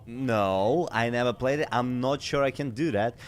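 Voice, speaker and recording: A man's voice: medium pitch, moderate pace, a little hiss or hum. Chatty man commenting on a game. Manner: chatty, easily amused, loose grammar. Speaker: game streamer. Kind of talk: casual let's-play commentary. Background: faint game music.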